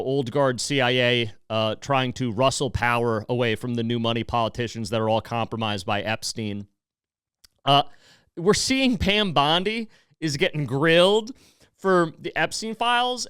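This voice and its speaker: A man's voice: fairly high pitch, a bit bright, clean tone, dry recording, clean studio sound. An American man hosting a political podcast, ranting heatedly and swearing freely. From United States. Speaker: podcast host.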